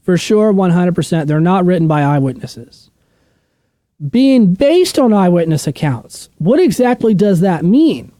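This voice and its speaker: A man leading a relaxed Bible study, blunt and opinionated, who keeps asking questions and then answering them. His voice sits fairly high and swings widely in pitch, with a mellow, dark tone. The sound is dry, with no room echo. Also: a little slow. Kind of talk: casual unscripted teaching.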